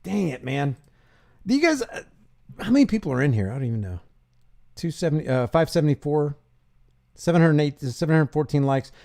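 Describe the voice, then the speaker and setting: Hosting a casual live stream, a man reads verses and answers them with sarcastic, mocking asides. His voice is on the high side, sing-song, gravelly and mellow, fairly quick but broken by long pauses.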